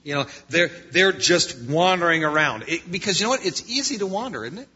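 Bright, husky-voiced preaching man. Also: fairly high pitch, expressive, brisk, few pauses. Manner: preaching, swings between loud and quiet. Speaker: pastor. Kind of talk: sermon. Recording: lo-fi muffled sound.

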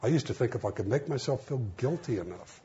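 A man's voice: medium pitch, expressive, fast, warm tone. A middle-aged man preaching a sermon in a folksy, conversational way, acting out the dialogue in his stories. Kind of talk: sermon with storytelling. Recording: dull lo-fi sound with faint hiss.

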